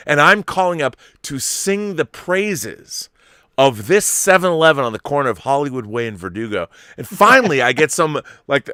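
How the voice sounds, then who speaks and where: Animated storytelling man, bright voice. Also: medium pitch, normal speed, dry recording, clean studio sound. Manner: animated, swearing, acts out the people in his story. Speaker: podcast host. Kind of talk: casual storytelling chat.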